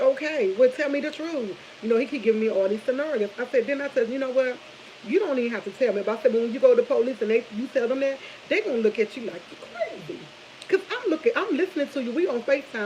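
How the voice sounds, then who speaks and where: A woman's voice: fairly high pitch, a little hiss or hum, rough recording. A woman, chatting casually over morning coffee, rambling from subject to subject and retelling a long story. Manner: rambling, jumps between subjects, animated storytelling. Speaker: vlogger.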